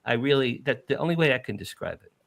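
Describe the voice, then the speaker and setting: A middle-aged man from New Jersey, a podcast guest, telling an emotional first-person story with animated, emphatic repetition. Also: mid-range voice, fast, gravelly, dry recording.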